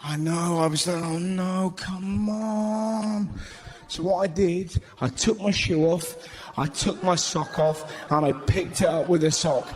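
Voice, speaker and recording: A man doing stand-up comedy, brash and swearing, with shouted put-on voices. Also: on the high side, steady tone, moderate pace. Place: large live venue. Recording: roomy live recording with audience noise.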